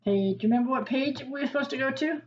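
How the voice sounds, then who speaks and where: A woman reading a picture book aloud to children, pausing to ask them questions and explain words. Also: high voice, muffled recording, a little hiss or hum. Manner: gentle teacherly asides and questions to the listener. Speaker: children's story reader.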